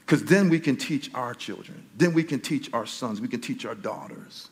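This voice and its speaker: A man's voice: medium pitch, expressive, normal speed, husky. A male pastor giving a sermon in a church, talking in a conversational way that often stops and restarts.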